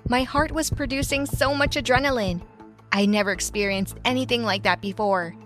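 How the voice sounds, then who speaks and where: A woman's voice: a little high, moderate pace, a bit bright, faint music behind. A woman narrating a first-person story in a bitter, confessional tone.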